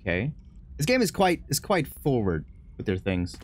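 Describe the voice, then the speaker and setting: Excitable joking male game streamer. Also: mid-range voice, normal speed, slight background noise. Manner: joking, excitable, laughs often. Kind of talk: horror game let's play commentary.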